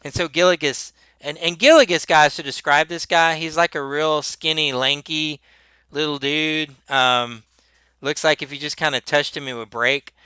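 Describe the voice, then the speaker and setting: Bright, clear-voiced man running a tabletop game. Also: a little high, fairly even intonation, no room sound. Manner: halting, many restarts, chuckling. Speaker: game master.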